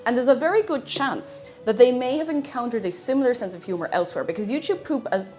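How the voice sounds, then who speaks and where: A woman's voice: a little high, animated, fast talker, a little mellow, faint music behind. A woman streaming live, chatting casually with viewers in a playful, giggly way, humming to herself now and then. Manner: chatty and playful, laughs often, hums to herself.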